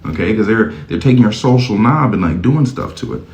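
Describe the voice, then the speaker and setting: A man talking casually to camera, animated and acting out both sides of imagined conversations. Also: lowish voice, fairly quick. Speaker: social media dating commentator.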